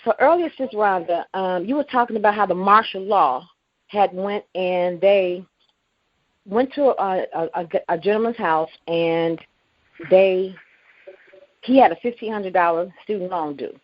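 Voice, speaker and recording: A woman calling in to a talk show, chatting excitedly and gushing, repeating herself as she tells her story. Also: mid-range voice, measured pace, dry recording. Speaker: caller. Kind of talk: excited call-in chat. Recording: muffled phone line with faint hiss.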